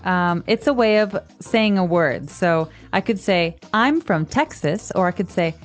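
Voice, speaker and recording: A woman's voice: fairly low pitch, normal speed, soft background music. An American woman co-hosting a language lesson, chatting casually and explaining ideas, sometimes sounding things out. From United States. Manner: explanatory, demonstrates sounds aloud. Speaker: co-host.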